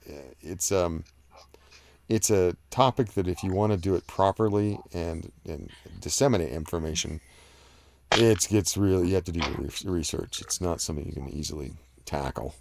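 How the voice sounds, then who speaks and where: A man with a deep, slightly mellow voice with vocal fry, speaking at normal speed, hosts a casual live stream where he reads viewer comments and rambles about them with many fillers and restarts. A little hiss or hum can be heard.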